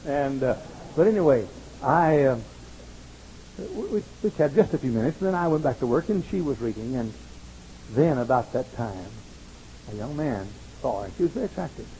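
A man's voice: medium pitch, lively intonation, moderate pace, dark tone, slight background noise, poor audio. A man preaching a sermon to college students, pressing his points through emphatic repetition and slipping into rambling, self-mocking stories. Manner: wry, rambling anecdotes with self-mocking asides.

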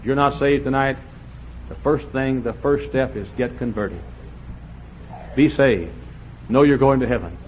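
A man preaching a fiery revival sermon, swinging from shouts to low quiet lines. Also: unhurried, pauses often. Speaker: pastor. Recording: dull lo-fi with faint hiss.

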